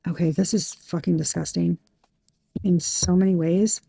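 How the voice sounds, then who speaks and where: A woman's voice: fairly low pitch, fairly even intonation, normal speed, creaky, dark tone, husky, dry recording. Heated, emphatic woman tarot reader. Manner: emphatic and heated, swearing freely. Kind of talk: tarot reading monologue.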